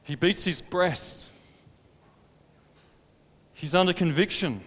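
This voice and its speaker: A man preaching a sermon, dramatic, swinging between impassioned pleading and hushed, quiet stretches. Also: on the high side, expressive, slow, pauses often. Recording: long reverb of a large hall.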